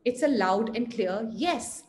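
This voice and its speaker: A woman's voice: on the high side, animated, slow, a little mellow. A woman speaking earnestly on a panel about parenting, emphatic and full of rhetorical questions. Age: adult parent. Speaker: guest speaker on yoga parenting. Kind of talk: online panel talk.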